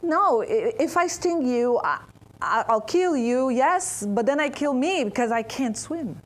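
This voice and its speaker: A woman's voice: high voice, animated, measured pace. A woman with a Brazilian Portuguese accent voicing a sly male scorpion in a told fable, coaxing and matter-of-fact.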